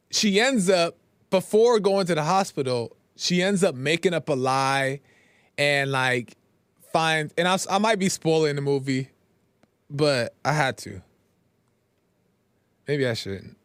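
A man's voice: on the high side, animated, slow, pauses often, clean tone, no echo. A man hosting a podcast, talking casually about faith and struggle, often checking in with "right?" and retelling scenes in his own words. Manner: retells scenes with loose quoted dialogue. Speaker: podcast host. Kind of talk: casual spiritual talk.

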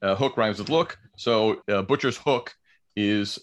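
A man co-hosts a podcast, explaining word origins through casual banter, laughing often, and reading passages aloud. His voice is on the low side, and he speaks unhurriedly.

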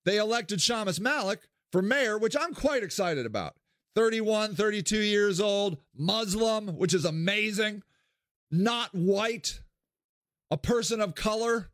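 Ohio guy ranting on his podcast, high voice for a man, slow and blunt, cusses a lot. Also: no echo, clean studio sound. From Akron, Ohio, US. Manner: blunt, swears freely, animated swings in pitch. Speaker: podcast host and local candidate. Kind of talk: candid solo monologue.

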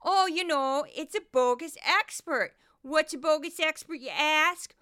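A woman's voice: high-pitched, unhurried, bright, forceful tone, pitched above the performer's own voice. A woman doing a goofy Midwestern bogus expert. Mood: mocking. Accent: put-on Midwestern. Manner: goofy, exaggerated drawl.

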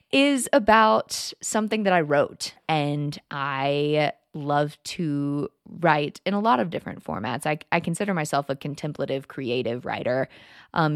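A woman's voice: low-pitched, no room sound. A woman in her late twenties hosting her own podcast, talking casually in a chatty, giggly, self-deprecating way into a close mic. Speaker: podcast host. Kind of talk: casual solo podcast monologue.

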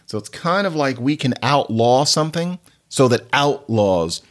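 A man's voice: on the high side, fairly quick, fairly bright tone. A man hosting a podcast, who explains word origins in a chatty, playful way with many digressions. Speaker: podcast host, linguist. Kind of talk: casual explanatory podcast talk.

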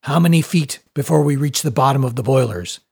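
Storybook role: man voicing a gruff steamship captain, clipped commands, husky. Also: mid-range voice, a little fast, a little mellow. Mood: commanding. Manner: curt commanding orders. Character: stern male steamship captain.

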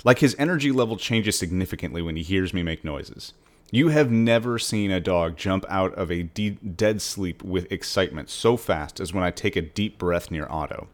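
Male author reading his writing lesson aloud, conversational and measured, a bit low in pitch. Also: animated.

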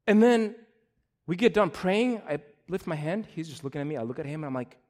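A man in his thirties preaches with a fairly high voice, telling stories with animated energy. He climbs into loud, excited bursts, then drops to quiet, hushed appeals to pray. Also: fairly quick. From Russian Slavic community in the US. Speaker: pastor. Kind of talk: sermon.

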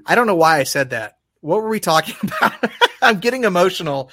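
Earnest man with a higher voice. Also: lively intonation, fairly bright tone, dry recording, clean studio sound. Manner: earnest, halting, restarts often when emotional. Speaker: podcast co-host. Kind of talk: casual faith discussion.

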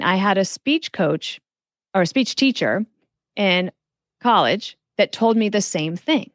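A woman's voice: lowish voice, dry recording. A woman guest on a podcast interview, frankly giving career advice and telling stories from her work. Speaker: guest author.

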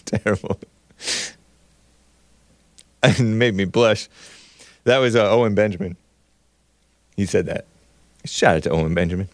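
A man's voice: fairly low pitch, a little slow, pauses often, no echo. A man hosting a call-in talk show, joking and laughing often as he chats. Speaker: radio show host.

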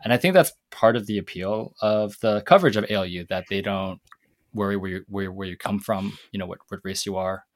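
A man co-hosting a casual panel discussion, working through ideas in a thoughtful, hedging way. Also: low voice. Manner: thoughtful, hedging, many fillers. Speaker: podcast co-host.

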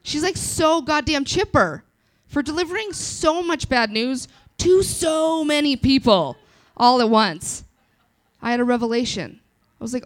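A woman in her twenties doing a live stand-up set, self-deprecating and crude, with quick asides to the crowd. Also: high voice, animated. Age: 20s. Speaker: stand-up comedian.

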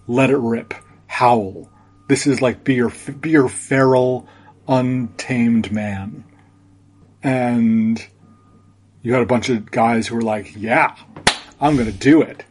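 A man guest on a podcast, telling a reflective story in a halting way, with many restarts. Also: mid-range voice, darkish tone, husky.

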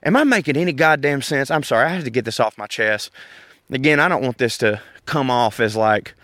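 A middle-aged podcast host with a Southern US accent, from the Southern United States, rants briskly and profanely in a park, animated and rambling in a casual way. His voice is medium-pitched, and the recording is dry with clean studio sound.

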